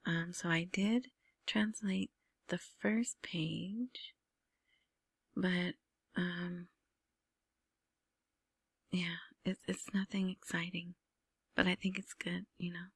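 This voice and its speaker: Slow, breathy, half-whispering woman. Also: lowish voice, steady tone, dry recording. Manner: soft, half-whispered delivery with frequent fillers and restarts. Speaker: vlogger commenting on Iraqi news and currency. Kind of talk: casual screen-share commentary.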